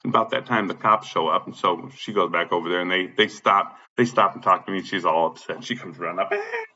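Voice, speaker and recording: Man, angry rant, constant swearing, high and agitated, forceful bright voice, dull lo-fi recording. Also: fast talker. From Illinois. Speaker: tenant complaining about his apartment complex.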